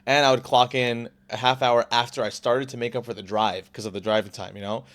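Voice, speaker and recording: Rapid-fire rambling young man. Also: mid-range voice, flat delivery, a bit bright. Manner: rapid, rambling, full of "like" and restarts. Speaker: podcast guest, car salesman. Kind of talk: casual storytelling.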